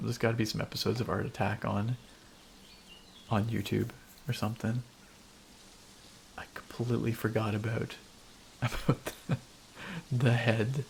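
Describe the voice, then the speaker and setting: A man's voice: medium pitch, gravelly, a little hiss or hum. A man casually chatting and laughing as he streams a game, rambling between thoughts. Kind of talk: casual gameplay commentary.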